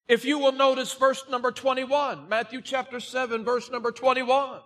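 A male pastor delivering a Sunday morning sermon, reading scripture aloud and driving his points home, shouting out key words. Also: extremely high pitch. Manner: slow, emphatic preaching that rises to shouts on key words; reads scripture aloud in old-fashioned wording.

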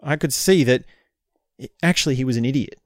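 A man's voice: medium pitch, brisk, dry recording, clean studio sound. A man talking straight to his own camera in a casual vlog monologue, reflective and rambling, with frequent "right?" asides. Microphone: camera mic.

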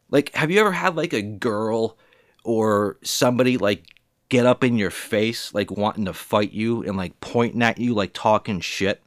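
A man's voice: mid-range voice, no room sound, clean studio sound. Profane, heated man in his forties ranting. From New England, USA. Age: 40s. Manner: heated, profane, rambling and repetitive. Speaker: vlogger.

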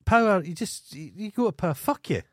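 Ranting Scottish man with a lively voice. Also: high-pitched, brisk, no room sound, clean studio sound. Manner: sweary, ranting, indignant. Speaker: podcast co-host. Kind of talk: casual chat.

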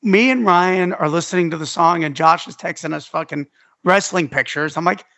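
A man co-hosting a podcast in casual, profane chat, his voice going hoarse. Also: a little high, normal speed, pushed and bright, dry recording, lo-fi sound. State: losing his voice. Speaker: podcast co-host.

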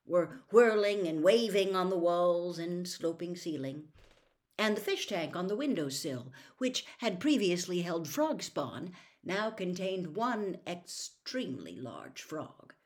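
A woman reading a novel aloud as a storyteller, with expressive, lively narration. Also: on the low side, takes it slowly.

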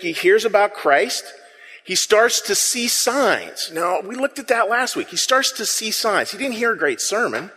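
Animated high-voiced man preaching in a hall. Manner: conversational, asks the congregation to respond. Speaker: pastor. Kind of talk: sermon. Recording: long reverb of a large room.

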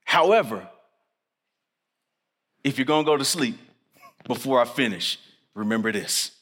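A man preaching a chapel sermon, earnest and emphatic, slowing down to stress key lines. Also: mid-range voice, expressive, a bit bright. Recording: long reverb of a chapel hall.

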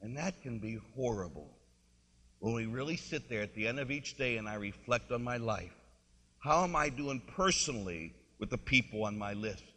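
A male priest gives a chatty, storytelling sermon and coaxes the congregation to repeat a line after him. His voice is strikingly bright and carries a long church reverb. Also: medium pitch, lively intonation, normal speed. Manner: conversational, storytelling, leads congregation in repeating a phrase. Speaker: Catholic priest.

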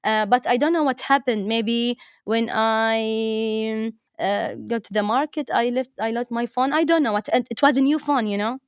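A woman's voice: on the high side, normal speed, smooth, dry recording. Woman, Arabic speaker, storytelling teacher, chatty, repeats words, dry close sound. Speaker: teacher, interview guest. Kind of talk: storytelling anecdote.

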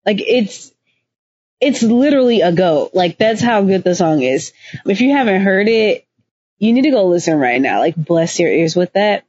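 A woman co-hosting a podcast, chatting casually in an animated, emphatic way. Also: medium pitch, normal speed, breathy edge, no echo. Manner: animated, emphatic, laughs often. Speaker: podcast co-host. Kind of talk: casual chat. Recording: dull lo-fi dry recording.

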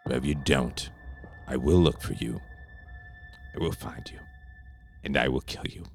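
A man voicing a hot-headed older Irish action-movie star in a comedy sketch, growling lines and bursting into shouts. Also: very deep voice, unhurried, creaky, faint music behind, heavily acted. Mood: menacing. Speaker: podcast co-host.

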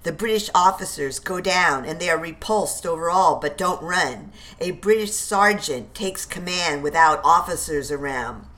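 A woman narrating a historical war drama aloud in a deliberate reading voice. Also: fairly low pitch, fairly bright tone.

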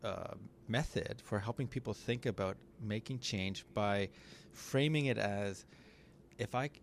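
Man with a lowish voice, thoughtful and explaining. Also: creaky, slight background noise. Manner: thoughtful, explains step by step with pauses and fillers. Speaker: podcast co-host. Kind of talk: casual conversational podcast.

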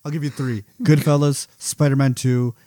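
Cohost guy joking around, makes fun of himself, mid pitch, dry close mic. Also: normal speed, no echo. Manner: joking, self-mocking, animated storyteller. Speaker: podcast co-host. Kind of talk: casual chat.

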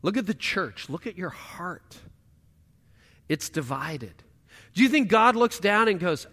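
Male pastor, sermon delivery, forceful tone, reverberant church hall. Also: high voice, lively intonation, a little slow, pauses often. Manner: swings from loud emphatic lines to hushed quiet asides.

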